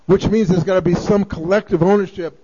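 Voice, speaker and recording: High-voiced man lecturing on a lo-fi recording. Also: fairly even intonation, fairly quick, dark tone, husky. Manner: storytelling, speeds up through lists. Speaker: speaker giving a political talk. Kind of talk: recorded lecture played on air. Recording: dull lo-fi recording played on radio.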